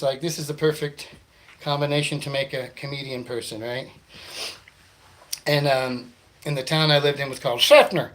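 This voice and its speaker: A man's voice: mid-range voice, fairly bright tone. A man from the Tampa Bay area of Florida, a comedian telling rambling, self-deprecating, profane stories. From Tampa Bay area, Florida, USA. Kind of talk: comedic storytelling monologue.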